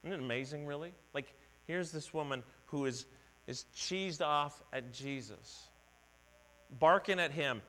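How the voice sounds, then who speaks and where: A middle-aged male pastor gives an earnest, conversational sermon in a church sanctuary, acting out quoted voices in a bright, forceful voice on the high side at a measured pace. The audio features long hall reverb and mains hum.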